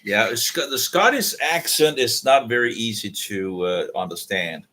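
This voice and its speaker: A man hosting a casual video chat stream, replying calmly and hesitantly. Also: mid-range voice, unhurried. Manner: calm, hesitant, mild replies.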